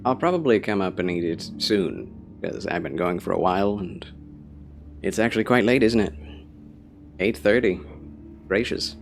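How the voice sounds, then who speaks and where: A man's voice: lowish voice, lively intonation, normal speed, gravelly, long pauses, faint music behind. A man live-streaming a game, chatting casually and theatrically with his viewers.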